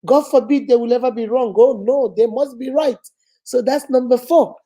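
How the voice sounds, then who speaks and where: A woman's voice: on the high side, normal speed, dark tone. A woman, a life coach giving an emphatic, repetitive motivational lesson straight to her viewers. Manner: emphatic, repetitive, preachy, direct address. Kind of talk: motivational teaching to camera.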